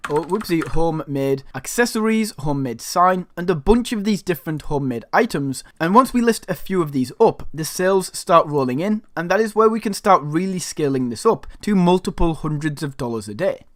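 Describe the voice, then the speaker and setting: A man's voice: a little high, animated, brisk, few pauses, dry recording, studio quality. A man from Northern England with a Northern English accent, walking viewers through a screen-share tutorial in an upbeat, chatty way. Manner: upbeat, chatty, keeps addressing viewers as guys. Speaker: online side-hustle tutorial host.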